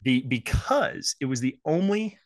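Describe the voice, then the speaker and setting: A man talking casually as a podcast guest, circling his points with fillers and restarts. His voice sits mid-pitch and sounds dry and close, with no room around it. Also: expressive, a little slow, no room sound. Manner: rambling, many restarts and fillers. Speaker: podcast guest, fly-fishing business owner.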